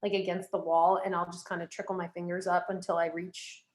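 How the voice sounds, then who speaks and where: A woman's voice: lowish voice, flat delivery, a little fast. A young woman guest on a podcast, talking casually with lots of fillers and giving direct advice. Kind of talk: casual interview chat.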